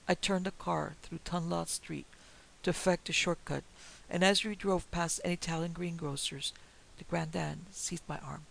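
A male narrator reads in a measured, deliberate way. His voice is strongly gravelly, with heavy vocal fry, and sits a little above the usual male pitch. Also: fairly even intonation, a bit bright, a little hiss or hum, low-quality recording. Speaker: audiobook narrator. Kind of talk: scripted narration.

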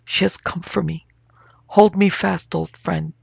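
A man's voice: high voice, steady tone, a little slow, gravelly, breathy edge, dry recording, muffled recording, exaggerated voice. A man voicing a terrified young man who sees a ghost, in frantic, gasping, half-whispered cries, as a character in an audiobook.

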